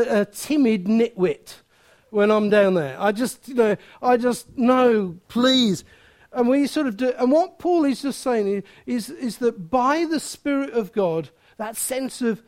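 A man preaching a sermon in a lively, joking way, with sudden loud outbursts. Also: very high-pitched.

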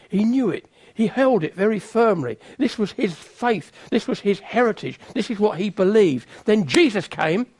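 Lively high-voiced preacher. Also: male voice, breathy edge. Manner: conversational, self-mocking, teasing asides. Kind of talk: sermon.

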